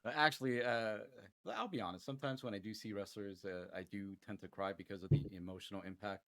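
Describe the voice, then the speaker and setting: A man co-hosts a casual wrestling podcast, speaking quickly in a lowish voice with a steady tone. He's candid and emphatic, building up to loud enthusiasm.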